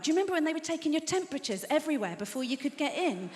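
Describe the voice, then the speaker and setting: A fifty-year-old woman doing stand-up on a big theatre stage, her voice pitched high and wry as she mocks herself. The sound is echoey with a long hall reverb, and loud laughter rolls in behind her. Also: very animated, racing, few pauses. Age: 50s. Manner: dry, self-mocking delivery. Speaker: stand-up comedian. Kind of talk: stand-up set. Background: audience laughter.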